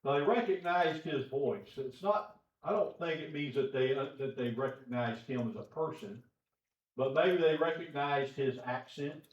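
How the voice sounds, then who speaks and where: A man's voice: mid-range voice, moderate pace. A man teaching a Bible class in a folksy, conversational way, chuckling often, recorded in a church auditorium. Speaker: preacher. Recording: echoey church room, distant dull mic.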